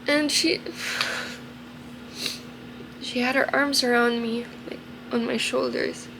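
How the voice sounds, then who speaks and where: A tearful young woman in a confessional vlog, speaking haltingly with emotion and trailing off into soft murmurs. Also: a little high, fairly even intonation, vocal fry, background noise. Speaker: vlogger.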